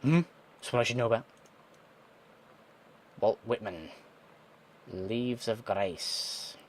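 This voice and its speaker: A man's voice: lowish voice, takes it slowly, slight background noise. A young man giving casual gameplay commentary, thinking aloud with sarcastic asides and the odd swear word. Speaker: let's play gamer.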